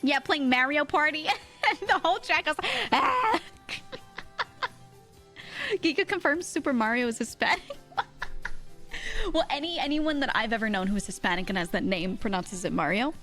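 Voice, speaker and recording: A young woman with a South Jersey and Philadelphia accent chats casually with her stream and laughs often. Her voice sits a little high and swoops around a lot. Faint music plays underneath. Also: moderate pace, long pauses. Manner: chatty, laughs often, animated.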